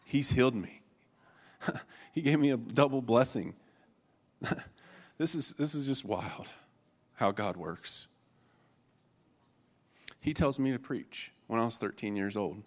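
A man in his forties delivers a heartfelt sermon in a voice of ordinary middle pitch. He is earnest and emotional, often slipping into laughter and stumbling over restarts. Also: takes it slowly, long pauses. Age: 40s. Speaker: preacher.

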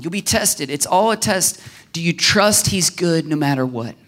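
Guy preaching a sermon, kinda high voice, acts out the prayers, goes real quiet sometimes. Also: normal speed. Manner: animated, acts out prayers and quotes with swings in pitch and loudness. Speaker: pastor.

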